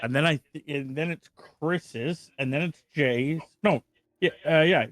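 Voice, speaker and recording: A man streaming a video game, chatting casually with friends in a relaxed, rambling way and correcting himself as he goes. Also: a little high, a little slow, no echo. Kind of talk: casual let's-play chat.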